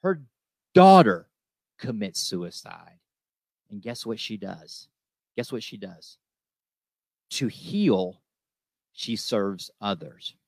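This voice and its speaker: A man's voice: on the low side, expressive, slow pace, gravelly, long pauses, breathy edge, dry recording. Guy hosting a recovery talk show, emphatic, keeps saying okay, dead dry sound. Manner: emphatic, repeats lines, says "okay?" often.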